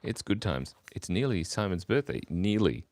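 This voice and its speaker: A man's voice: sits low, big pitch swings, normal speed, darkish tone, slight background noise. A man, chatting goofily while drawing on a livestream and reading out chat messages. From Australia. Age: 40s. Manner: goofy, rambling, reads chat aloud, laughs often. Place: home, early morning.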